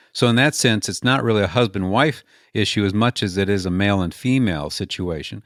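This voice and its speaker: A man's voice: fairly low pitch, fairly quick, hardly any pauses, fairly bright tone, no echo. Earnest male guest speaker, dry sound. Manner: earnest, explains through stories and acted-out quotes; repeats and restarts words as he builds a point. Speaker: author and speaker, interview guest. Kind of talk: conversational interview answers.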